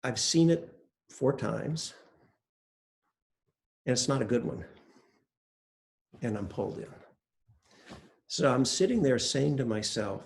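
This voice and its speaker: An older man with a gravelly, fry-edged voice gives an easygoing dharma talk. He speaks at a middling pitch, drifting through anecdotes with hesitations and gentle self-deprecation. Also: measured pace, pauses often. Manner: relaxed, conversational, self-deprecating storytelling with hesitations. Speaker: meditation teacher.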